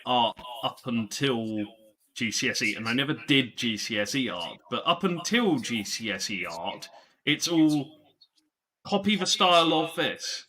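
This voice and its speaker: A man's voice: medium pitch, lively intonation, a little slow, pushed and bright, rough recording. A man co-hosting a live quiz, chatting in a nerdy, dry, joking way. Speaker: quiz co-host. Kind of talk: casual quiz livestream chat.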